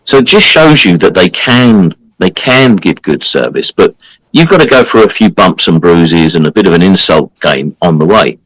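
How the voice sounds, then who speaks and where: Deep, lively-voiced man telling a story. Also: moderate pace, dry recording, rough recording. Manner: emphatic, animated storyteller who acts out the people he quotes. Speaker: podcast co-host. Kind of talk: casual podcast storytelling.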